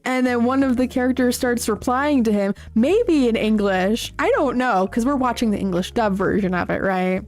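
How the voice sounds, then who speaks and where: A woman hosting a casual livestream, chatting to viewers in a rambling, halting way with many fillers and giggles. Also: fairly high pitch, a little mellow. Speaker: livestream host. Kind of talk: casual livestream chat, answering chat. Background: faint background music.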